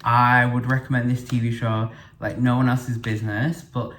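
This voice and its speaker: Young man, podcast host, chatty and rambling, mid-pitched, echoey living room. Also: level tone, normal speed, fairly bright tone. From United Kingdom. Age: young adult. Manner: chatty and rambling, with frequent fillers and self-corrections. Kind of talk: casual solo podcast monologue.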